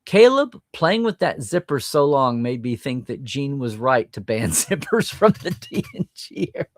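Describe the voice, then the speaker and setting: Animated man reading live chat. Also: medium pitch, moderate pace, no echo. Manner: animated, chatty, reads viewer comments aloud and reacts.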